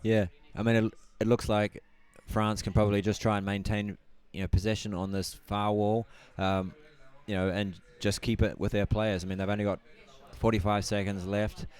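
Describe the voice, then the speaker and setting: Low, flat-voiced male color commentator. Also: moderate pace, smooth. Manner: hesitant, lots of ums and you-knows. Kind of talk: live sports commentary.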